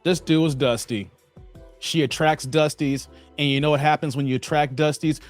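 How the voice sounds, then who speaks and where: A man's voice: a little high, fairly even intonation, moderate pace. A man hosting a reaction video, commenting in an emphatic, lecturing way over faint music. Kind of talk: casual commentary.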